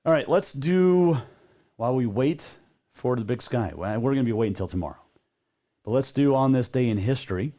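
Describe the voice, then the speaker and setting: A man's voice: medium pitch, lively intonation, normal speed, dark tone. A man hosting a sports talk radio show, chatting casually and rambling a bit with plenty of filler words.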